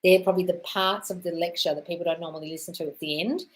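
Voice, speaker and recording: A woman's voice: on the low side, steady tone, quick pace, low-quality recording. A woman hosting a live stream, reading out viewer questions and answering them in a breezy, chatty way, calling everyone darling. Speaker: host.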